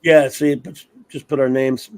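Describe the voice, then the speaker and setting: A man's voice: medium pitch, steady tone, normal speed, no echo. A man hosting a casual livestream, rambling as he reads off viewer names. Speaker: livestream host. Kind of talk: casual chat.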